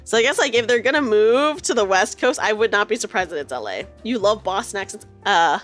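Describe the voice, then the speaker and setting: A woman's voice: mid-range voice, expressive, brisk, a bit bright, faint music behind. A woman from the United States streaming a casual chat, giggling as she reads out and answers her viewers' chat.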